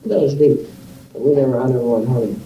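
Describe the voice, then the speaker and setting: A man's voice: mid-range voice, fast talker, dark tone, roomy sound, far from the mic, muffled recording. A man being interviewed, telling rambling stories about his youth and acting out other people's voices.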